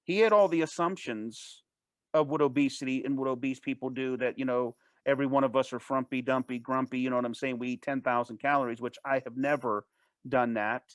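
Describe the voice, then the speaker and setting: With a medium-pitched voice on a dry recording, a man guesting on an interview shares a personal story. It comes out fast, animated and casual, full of restarts and false starts.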